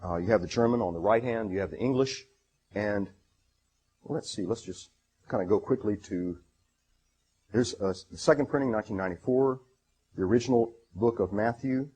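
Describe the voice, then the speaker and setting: A man gives a lecture presentation, reading passages aloud with obvious enthusiasm for his material, though he halts often, with many fillers and restarts. His voice is lowish, mellow and slightly rough.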